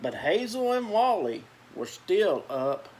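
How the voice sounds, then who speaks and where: A man's voice: high-pitched, sing-song, takes it slowly, a little mellow. A man reading a children's picture book aloud, with chatty asides about the pictures. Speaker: storyteller.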